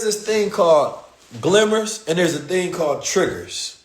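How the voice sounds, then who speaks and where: A high-pitched man from the United States hosts a show, telling a story at a measured pace. His talk is casual and slangy, and he animatedly performs the quoted voices amid a roomy echo.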